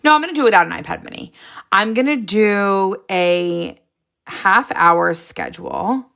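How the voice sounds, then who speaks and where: An excitable woman chats casually as she hosts a live stream, her voice carrying a gravelly edge. She hops from one idea to the next and laughs often. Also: mid-range voice, unhurried. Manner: excitable, jumps between ideas, frequent laughs.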